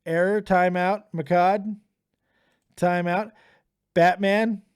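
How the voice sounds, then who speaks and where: A man's voice: sits high, steady tone, slow pace, smooth. Profane ranting male streamer. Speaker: streamer host taking live callers. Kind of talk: profane live-stream rant.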